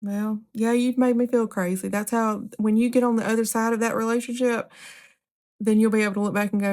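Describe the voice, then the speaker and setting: A woman's voice: medium pitch, fairly even intonation, fairly quick, darkish tone. Woman podcast host, casual solo talk, candid and direct, mid-range voice, loose asides. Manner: candid, conversational, with frequent ums and asides.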